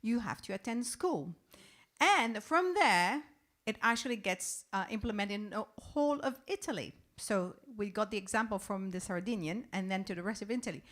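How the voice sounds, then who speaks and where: A woman's voice: medium pitch, animated, moderate pace, a bit bright. A woman co-hosting a casual livestream, playful and chatty, dropping Italian phrases and hesitating with ums as she recounts facts. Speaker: livestream co-host. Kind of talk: casual chat on a home livestream.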